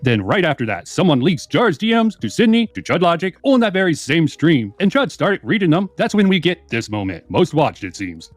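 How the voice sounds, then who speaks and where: A man's voice: medium pitch, no echo. A man narrating a commentary video in a scripted, storytelling tone.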